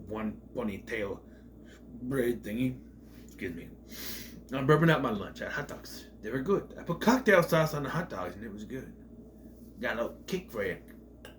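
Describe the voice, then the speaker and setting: A man casually reviewing a movie in a rambling, offhand way, retelling scenes in quoted voices and breaking into loud mock outrage. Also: mid-range voice, a little hiss or hum.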